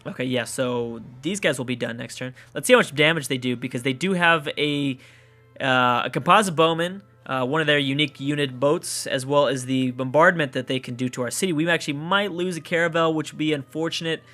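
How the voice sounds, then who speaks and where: Bright-voiced Canadian man gaming. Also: a little high, a little fast, faint music behind. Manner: thinks aloud, mutters, swears at setbacks. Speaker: let's play gamer. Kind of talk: casual gameplay commentary.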